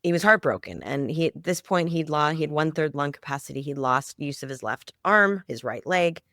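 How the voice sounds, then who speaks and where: Woman, middle-aged, podcast guest, heartfelt storytelling, gravelly edge, dry sound. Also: low voice, lively intonation, fairly quick, a bit bright, no echo. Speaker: guest, founder of a children's music project. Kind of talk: conversational storytelling interview.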